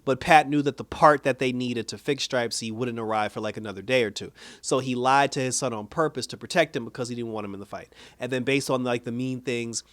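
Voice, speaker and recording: A man's voice: medium pitch, fairly quick, hardly any pauses, no echo. Rambling casual male show reviewer. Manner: rambling animated retelling, heavy filler "like". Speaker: TV episode reviewer.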